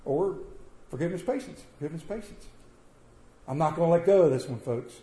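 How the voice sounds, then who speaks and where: High-voiced preacher man, roomy church. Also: lively intonation, brisk. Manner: swings between loud emphatic bursts and quiet, soft-spoken asides. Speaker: pastor. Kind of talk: sermon. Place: church sanctuary with congregation.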